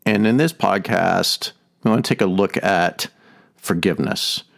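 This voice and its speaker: Gravelly-voiced man hosting a teaching podcast. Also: deep voice, a little slow. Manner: earnest, repeats and restates his main point. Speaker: podcast host. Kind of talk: teaching talk on a faith topic.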